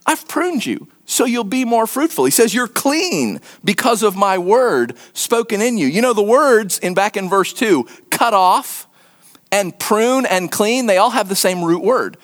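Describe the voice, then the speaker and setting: A man preaching a sermon in an earnest, emphatic way, sometimes dropping to a hushed voice and repeating words for stress. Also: sits high, expressive, a little slow. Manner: repeats words and restarts when stressing a point. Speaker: pastor.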